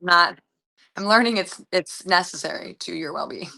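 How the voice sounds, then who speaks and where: A young American actress talks casually over a video call. Her voice is bright and a little gravelly, with a touch of vocal fry. She wanders from thought to thought, filling the gaps with ums and likes. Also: lowish voice, moderate pace. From United States. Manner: chatty, rambling with many fillers. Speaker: actress, guest. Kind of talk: casual interview chat.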